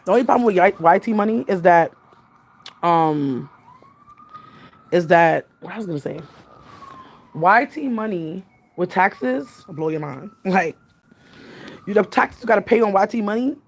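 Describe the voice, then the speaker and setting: A woman's voice: mid-range voice, creaky. A young woman with a New York accent, chatting casually and rambling on a livestream, laughing often. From Jamaican family. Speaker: vlogger.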